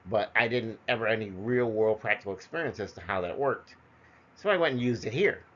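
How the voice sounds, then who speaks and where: A middle-aged man with a fairly low voice tells personal stories in a rambling, conversational way, full of fillers and restarts. The recording is dull and lo-fi, and the highs sound muffled. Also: expressive, fairly quick. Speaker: storyteller. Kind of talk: personal storytelling monologue.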